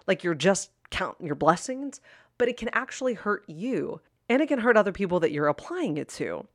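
A woman's voice: lowish voice, no room sound. Chatty woman life coach, dry close mic. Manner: candid, chatty, animated, with playful asides. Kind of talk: solo podcast talk.

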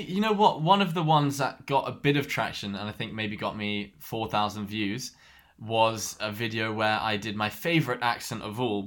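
A man telling a story in casual podcast chat, animated and laughing often. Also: on the low side. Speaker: podcast co-host.

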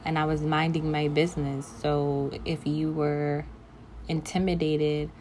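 Blunt ranting woman, lowish voice. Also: little pitch movement, unhurried, darkish tone, slight background noise. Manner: blunt, emphatic, talks straight to the listener. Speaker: vlogger. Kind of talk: casual rant to camera.

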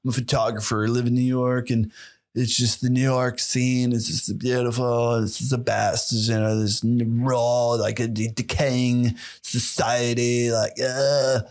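Pretentious arty photographer, put on by a man, with slow, dreamy delivery. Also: medium pitch, level tone, a little mellow, close to an everyday voice. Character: pretentious artsy city photographer.

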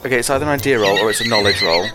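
A man's voice: lowish voice, rapid-fire. A man playing a tabletop game, joking and explaining his character and the rules. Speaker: player. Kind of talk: tabletop game play, casual chat. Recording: music playing behind voices.

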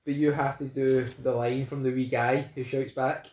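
A man's voice: mid-range voice, level tone, normal speed, a little mellow, muffled recording. A Scottish man co-hosting a podcast, joking and playful. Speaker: podcast co-host. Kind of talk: casual chat. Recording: echoey room.

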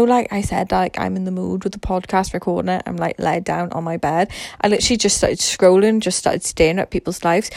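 A woman's voice: mid-range voice, a little mellow, dry recording. A woman hosting a solo podcast, rambling frankly in casual talk full of fillers like "you know" and "like", sometimes swearing, while lying on her bed.

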